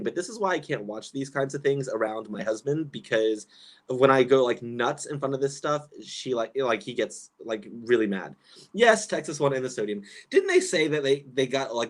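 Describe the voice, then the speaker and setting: A man reading chat comments during a casual livestream, his pitch swinging widely as he reacts. He sounds exasperated and incredulous, laughing often and rambling through fillers and false starts. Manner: rambling with many fillers and restarts.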